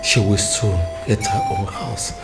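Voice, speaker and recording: An actor with a Nigerian accent playing an older, dying Christian father who speaks slowly and gravely. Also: fairly low pitch, very noisy, natural voice. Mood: solemn. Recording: music playing behind.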